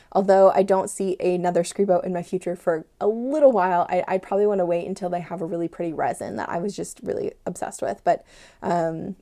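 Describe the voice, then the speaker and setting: Woman host, casual review vlog, mellow gravelly voice, gushing and excitable. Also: fairly low pitch. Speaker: stationery channel host.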